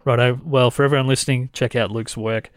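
A man's voice: mid-range voice, fairly even intonation, fairly quick, clear, resonant tone, dry recording, studio quality. A man co-hosting a podcast in casual chat, laid-back and jokey. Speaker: podcast co-host.

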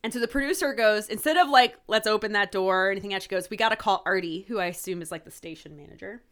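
A woman's voice: mid-range voice, fast. A woman co-hosting a podcast, recapping a TV episode in a loose, chatty way. She fills her speech with "like" and slips into the characters' lines as she goes. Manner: animated retelling, many "like"s, acting out quoted lines. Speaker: podcast co-host. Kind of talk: casual chat recapping a TV episode.

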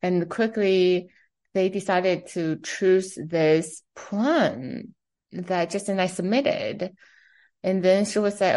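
Lively woman in her thirties. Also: lowish voice, takes it slowly. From China. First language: Chinese. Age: 30s. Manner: animated, acts out quoted dialogue. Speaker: fashion company CEO, guest. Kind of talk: interview storytelling.

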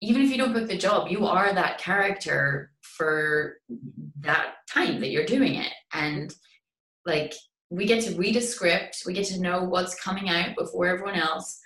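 A woman with a Scottish accent, an actress chatting casually in an interview, animated and full of fillers. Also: lowish voice, a little slow, echoey room, distant mic, rough recording. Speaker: actress guest.

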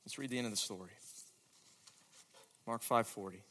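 A man preaching a sermon with a dramatic delivery that moves between hushed, quiet moments and emphatic, louder questions. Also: fairly low pitch, normal speed. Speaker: pastor.

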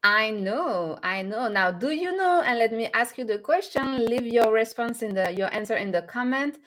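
A woman with a fairly high voice co-hosts a relaxed weekend morning stream. She is animated and playful, laughs easily and keeps turning to speak straight to the audience. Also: moderate pace. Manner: animated, laughs often, addresses viewers directly. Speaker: co-host. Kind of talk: casual live-stream chat.

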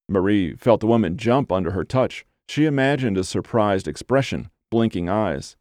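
In scripted audiobook narration, a man speaks in an even, measured storytelling tone with a lowish voice. There's no echo, and it has studio quality.

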